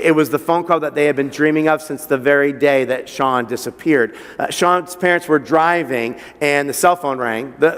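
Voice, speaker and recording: A man's voice: a little high, fairly bright tone, smooth, in a large hall. A man preaching a sermon as pastor, telling a story with frequent stutters on repeated words and building to emphatic passages. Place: church hall.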